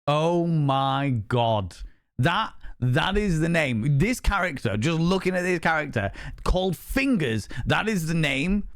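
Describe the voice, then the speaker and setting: A man's voice: a little high, lively intonation, unhurried, no echo, clean studio sound. A man live-streaming in casual chat, laughing often and swearing freely.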